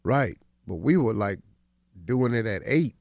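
A middle-aged man holds the mic on a morning radio show. He tells a story in a relaxed, colloquial way, and his voice has a gravelly edge. The sound is dry and close, as in a studio. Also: fairly low pitch, measured pace, dry recording. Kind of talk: casual morning-show chat.

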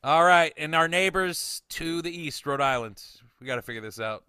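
Man, young adult, from Connecticut, podcast host, casual chat, bright, slightly high voice, laughing, swearing. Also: moderate pace, smooth, no echo, clean studio sound. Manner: laughs often, swears, animated quiz-giving.

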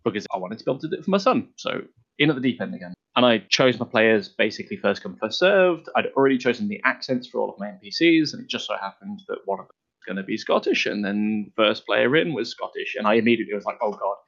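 Chatty man, low voice. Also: animated, fast talker, fairly bright tone. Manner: chatty, laughs often. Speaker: podcast host. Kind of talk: casual podcast chat. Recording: dull lo-fi podcast audio.

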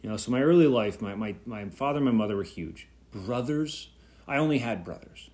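A man in his thirties talks alone on his podcast, thinking out loud. His voice sits at an ordinary middle pitch, and he drifts along with easy fillers and restarts. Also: lively intonation, a little fast. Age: 30s. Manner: reflective, rambling with fillers and restarts. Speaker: podcast host. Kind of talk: solo podcast talk.

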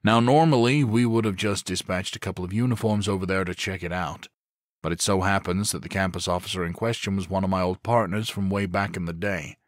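A man's voice: low voice, steady tone, no room sound, clean studio sound, close to an everyday voice. A man doing a grave police captain. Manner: grave, measured. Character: somber middle-aged male police captain.

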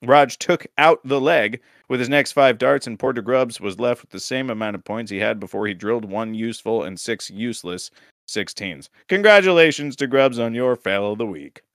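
A man's voice: mid-range voice, normal speed, fairly bright tone, dry recording, clean studio sound. A man co-hosting a casual podcast, recapping league results with teasing, crude jokes. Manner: joking, teasing, crude humor. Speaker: podcast co-host.

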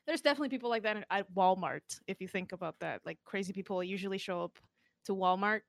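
Young female streamer, giggly, rambling, fillers, mid pitch, dry. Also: fast, creaky, no echo. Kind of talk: casual chat.

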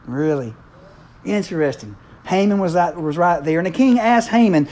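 A man, preaching in a relaxed, chatty way. He jokes with the congregation and slips into quick voices for the people in the story. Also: high voice. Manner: playful, acts out characters' lines in quick voices. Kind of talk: casual conversational sermon.

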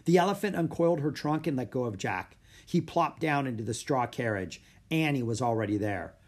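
Male storybook reader, middle pitch, measured delivery, leans into suspense. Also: lively intonation. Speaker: audiobook reader. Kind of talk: scripted narration.

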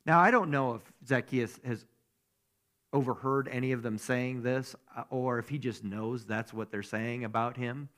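A man's voice: medium pitch, moderate pace, fairly bright tone. A man giving a conversational sermon as a pastor, who keeps asking his listeners rhetorical questions.

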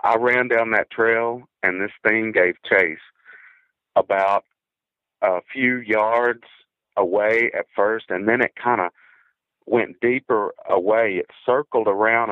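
A man earnestly telling a frightening story from his own childhood, halting and repeating words as he goes. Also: lowish voice, dry recording. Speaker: guest telling a personal encounter story. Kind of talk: first-person encounter story. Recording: tinny phone line, dry.

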